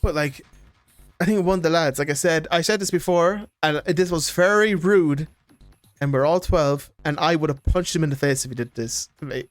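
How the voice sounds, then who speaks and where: A young Irish man in his twenties telling animated stories in casual chat as a streamer, laughing often. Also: on the high side, moderate pace, dry recording, faint music behind.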